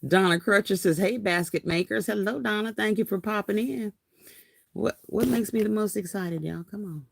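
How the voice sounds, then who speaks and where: A woman's voice: medium pitch, normal speed, creaky, no echo. Live craft host, woman in her fifties, chatty and laughing, dry close-mic sound. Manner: chatty, laughs often, says y'all a lot. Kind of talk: casual live-stream chat reading comments.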